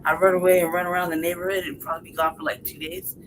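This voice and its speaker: A woman's voice: on the low side, rapid-fire, background noise. A woman telling a story in casual, profane chat on a podcast, laughing often and acting out what people said. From city-raised. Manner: profane, animated, laughs often, acts out voices. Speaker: podcast co-host.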